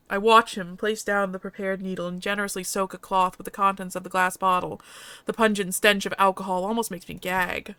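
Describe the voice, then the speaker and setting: A woman streamer reading a visual novel aloud with lively, expressive narration. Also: medium pitch, brisk, clean tone, no room sound.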